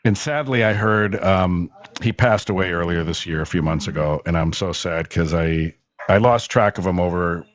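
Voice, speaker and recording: Deep-voiced man telling radio stories. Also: normal speed, muffled recording. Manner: rambling, enthusiastic anecdotes with many fillers. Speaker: guest, former radio host. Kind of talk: casual storytelling in a call-in show.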